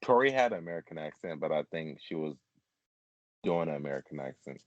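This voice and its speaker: Male host, very deep, rambling casual chat, lo-fi dull recording. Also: expressive, fairly quick, no echo. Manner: rambling, filler-heavy, laughs often. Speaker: podcast host.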